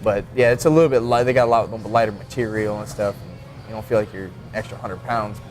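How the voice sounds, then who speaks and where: A man's voice: fairly low pitch, a little fast, soft background music. A man who is a mixed martial arts fighter, talking as a podcast guest in a laid-back, rambling way. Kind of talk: casual podcast chat.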